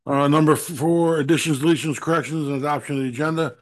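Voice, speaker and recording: A man chairing a town council meeting, moving briskly through agenda items. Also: fairly high pitch, fairly even intonation. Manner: brisk, businesslike.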